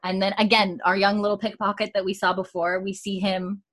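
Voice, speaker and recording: A woman's voice: mid-range voice, flat delivery, a little fast, a bit bright. A woman casually recapping a TV episode, acting out the characters' lines, swearing and laughing as she goes. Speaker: podcast co-host recapping a TV episode. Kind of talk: casual chat, animated retelling.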